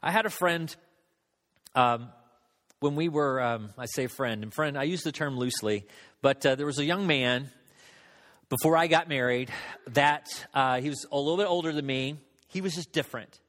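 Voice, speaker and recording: A man's voice: mid-range voice, moderate pace, a bit bright, in a large hall. A man preaching a sermon, telling a story about himself in a casual, self-mocking way. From Southern United States. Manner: storytelling, conversational, self-deprecating. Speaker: pastor.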